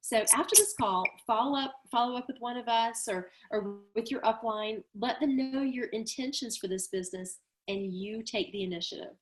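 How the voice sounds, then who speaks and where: A woman's voice: a little high, normal speed, few pauses. A woman, co-hosting a team call and wrapping up with an upbeat, rallying pep talk. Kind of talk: motivational wrap-up talk.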